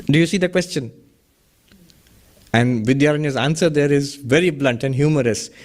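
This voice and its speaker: A man's voice: on the high side, moderate pace. A man giving a philosophy lecture in a study session, explaining step by step with rhetorical questions and Sanskrit terms. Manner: chuckles at his own wordplay. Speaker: teacher of a Vedanta study session.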